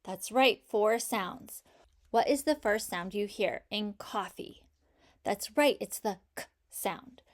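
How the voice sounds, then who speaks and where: Slow, patient woman teaching phonics. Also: mid-range voice. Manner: slow, patient, encouraging, sounding out each sound. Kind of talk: phonics lesson for children.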